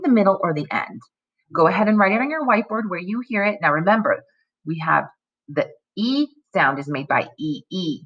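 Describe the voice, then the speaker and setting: A woman teaching a phonics lesson to young children in a slow, sing-song teacher voice, prompting them with questions. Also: lowish voice, fairly bright tone, lo-fi sound.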